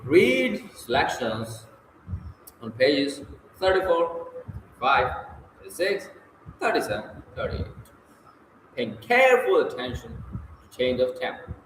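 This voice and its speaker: A man's voice: medium pitch, big pitch swings, a little slow, long pauses, a bit bright, a little hiss or hum. A man reading and answering textbook exercises aloud, casual and correcting himself as he goes. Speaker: self-study reader. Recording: echoey room with faint ambience.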